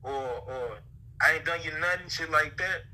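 A man's voice: a little high, moderate pace, pushed and bright, poor audio. A man from Mississippi with a Southern accent, chatting casually in profane, laid-back slang. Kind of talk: casual chat.

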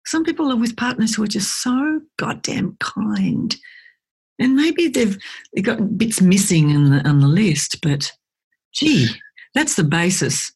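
A woman, a guest speaker chatting in an interview and telling lively stories, acting out the voices of people she quotes. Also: medium pitch, unhurried, slightly rough. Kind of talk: conversational interview.

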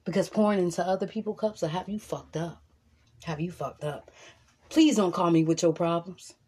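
Woman vlogger, husky voice, emphatic and profane, sermon-like repetition. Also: on the low side, normal speed, darkish tone. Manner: repeats lines for emphasis. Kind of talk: motivational monologue to camera.

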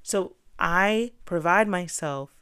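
Young female podcast host, earnest and encouraging, repeats key points, low and smooth. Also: takes it slowly, fairly bright tone, no room sound, clean studio sound. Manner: earnest and conversational. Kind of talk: self-help talk.

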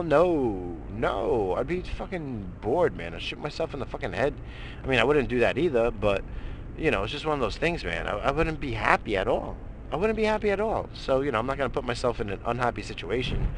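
A man's voice: medium pitch, a bit bright, a little hiss or hum. A middle-aged man hosting a morning show, ranting heatedly about politics with constant swearing and rambling restarts. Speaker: radio show host. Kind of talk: profane political rant.

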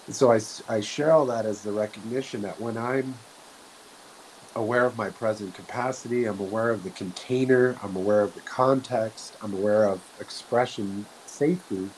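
Soft-spoken man with a low voice. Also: poor audio. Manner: slow, soft-spoken, earnest, with frequent restarts. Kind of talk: reflective spiritual talk. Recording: faint hiss.

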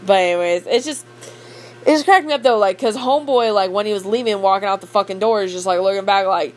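A woman's voice: medium pitch, fairly quick. A young woman who works as a cook, rambling in a casual late-night monologue, blunt and profane, full of fillers and frequent laughs. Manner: laughs often.

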